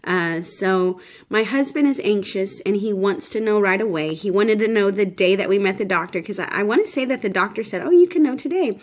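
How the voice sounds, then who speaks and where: A woman in her thirties chats to the camera about her week in a loose, rambling way, full of "um"s and restarts. She sounds tired and a little shaky, and her voice sits at an ordinary middle pitch. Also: a little fast. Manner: chatty, rambling, many fillers and restarts. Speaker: vlogger. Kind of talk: casual pregnancy update vlog.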